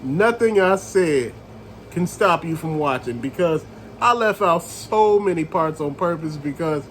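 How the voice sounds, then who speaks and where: A man reviewing a movie in a casual rant, retelling scenes with animated storytelling and calling his viewers family. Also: on the high side, a little slow, a little hiss or hum, low-quality recording.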